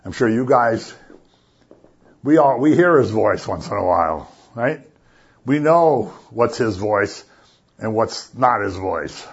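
Husky-voiced man preaching casually. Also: fairly low pitch, lively intonation, slow pace, lo-fi sound. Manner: conversational, asks the listeners "right?" often. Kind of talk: casual sermon.

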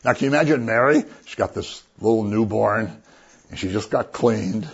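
A man's voice: fairly low pitch, moderate pace, slightly rough. A man preaching a sermon as a pastor, conversational and joking as he retells the story. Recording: dull lo-fi recording.

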